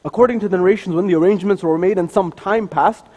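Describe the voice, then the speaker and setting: A man's voice: high voice, quick pace, mellow. Man, sermon storytelling, acts out the speakers' lines, long hall reverb. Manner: acts out the dialogue of figures in his story. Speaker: speaker at a mosque. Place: mosque hall.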